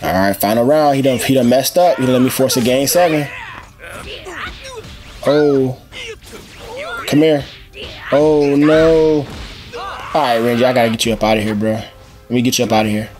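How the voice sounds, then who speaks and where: A young man giving excited, trash-talking commentary as he plays a fighting game. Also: mid-range voice, normal speed, pauses often. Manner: excitable trash talk, shouting at the screen. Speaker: gaming channel host. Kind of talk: live gameplay commentary. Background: game music.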